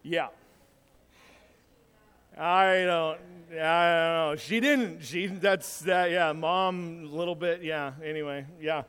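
A man's voice: fairly high pitch, slow, a bit bright, smooth. Guy pastor rambling thru a sermon, jokey about himself, long echo like a church sanctuary. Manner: rambling, self-deprecating and joking, with frequent restarts. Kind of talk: casual sermon with personal stories. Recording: long hall reverb.

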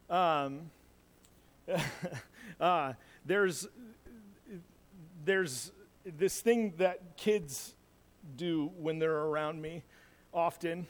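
A man preaching a casual sermon as pastor, rambling and self-deprecating, telling personal stories with lots of restarts. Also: on the high side. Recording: long hall reverb.

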